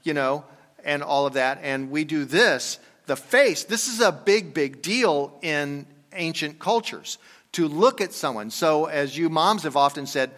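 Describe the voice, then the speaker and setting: An older man preaching a conversational sermon, telling a story and dropping into quiet asides. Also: on the high side, animated, moderate pace. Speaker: pastor. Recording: long reverb from a hall.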